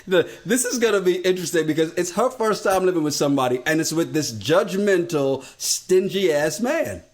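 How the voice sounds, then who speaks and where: A man's voice: sits high, animated, normal speed. An American man co-hosting a podcast, chatting casually, laughing often and acting out quotes. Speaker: podcast co-host. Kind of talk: casual recap chat.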